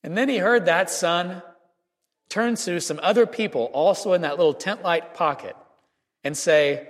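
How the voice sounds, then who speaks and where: A man giving a Christmas homily as a priest, telling a story earnestly with measured pauses in a church. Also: high voice. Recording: reverberant church hall.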